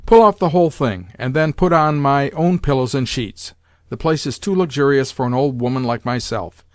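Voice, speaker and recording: A man voicing an imperious rich old grandmother who gives blunt orders and sharp rebukes, in an audiobook reading. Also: mid-range voice, moderate pace, no echo, studio quality, lightly acted. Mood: commanding. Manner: commanding, sharp rebukes and demands. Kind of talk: audiobook character voice.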